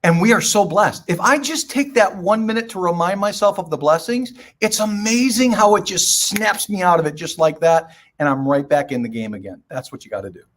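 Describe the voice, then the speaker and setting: A man's voice: sits high, expressive, brisk, hardly any pauses, a bit bright. An older man speaking as a podcast guest, giving emphatic, preachy advice in short punchy phrases and telling stories. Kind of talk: motivational podcast talk.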